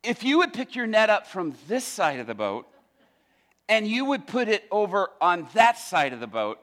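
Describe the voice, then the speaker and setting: A male preacher telling a story in a sermon, animated and playful, acting out the scenes. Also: high-pitched, moderate pace.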